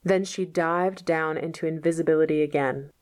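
A woman's voice: sits low, fairly even intonation, normal speed. A woman reading a novel aloud and patiently explaining old words in casual asides, as a teacher.

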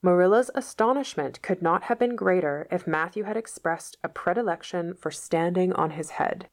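Lady reading a book out loud and explaining words, chill and patient, kinda gravelly low voice. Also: normal speed. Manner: patient, explanatory, casual asides. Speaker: teacher reading a novel aloud.

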